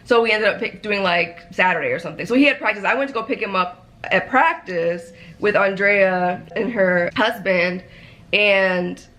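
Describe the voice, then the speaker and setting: A woman's voice: medium pitch, normal speed. A woman vlogger, candidly recounting a friendship falling-out, full of "like" fillers. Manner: animated storytelling with frequent "like" fillers. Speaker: vlog co-host.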